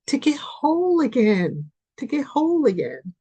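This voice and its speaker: A woman hosting a spiritual podcast, giving an impassioned reading that pleads and repeats itself, swinging from loud urging to soft near-whispers. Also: sits high, sing-song, a little slow. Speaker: podcast host, spiritual reader.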